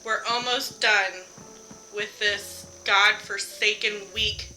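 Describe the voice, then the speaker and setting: Woman, young adult, live-stream chat, chatty, laughing, very bright tone, faint music underneath. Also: medium pitch, flat delivery, takes it slowly, rough recording. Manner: chatty, laughs often, swears casually. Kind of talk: casual live-stream chat while gaming.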